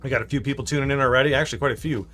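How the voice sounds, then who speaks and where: A man's voice: mid-range voice, very fast, fairly bright tone, soft background music. Upbeat man hosting a stream. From Canada. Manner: upbeat, chatty, reads viewer comments aloud. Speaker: live stream host. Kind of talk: casual live-stream chat. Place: home studio. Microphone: shotgun mic.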